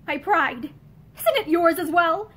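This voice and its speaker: A proud young wife from a storybook answers in a cold, obstinate tone, as a woman reads her lines. Her voice is high and moves with lively swings. She sounds stubborn and guarded. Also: slow, full character voice. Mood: defiant.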